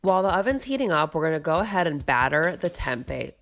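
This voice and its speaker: A woman's voice: deep voice, very animated, fast, a bit bright, faint music behind. A woman hosting a cooking channel, chatting in a casual, upbeat way and then walking through the recipe steps.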